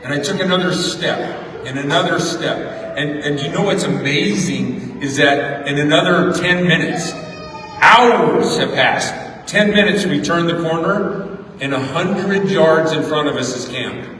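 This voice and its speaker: A middle-aged man with a slightly high, fairly bright voice gives a motivational graduation speech at a measured pace. He tells a story and repeats words for emphasis, recorded from far off in an echoey ceremony hall with slight background noise.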